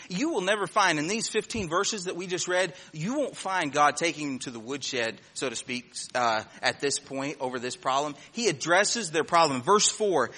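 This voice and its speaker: A man preaching a sermon with a bright, ringing tone and a voice pitched a little high. He tells folksy stories and acts out the voices of people in them. On his serious points he sinks to a quiet, low voice. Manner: folksy storytelling, acts out voices, chuckles at own jokes; drops to a quiet, low voice when turning serious.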